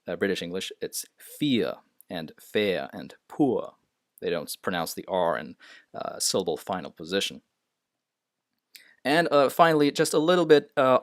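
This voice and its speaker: Man, low voice, hesitant unscripted lesson, lots of fillers, dry close recording. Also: no room sound. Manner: hesitant, many uh fillers and restarts. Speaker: teacher. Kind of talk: unscripted screen-share lesson.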